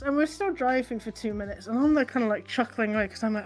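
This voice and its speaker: A woman's voice: fairly high pitch, quick pace, hardly any pauses. A young woman casually telling rambling stories and laughing at them. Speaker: co-host. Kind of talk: casual storytelling chat. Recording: faint music behind.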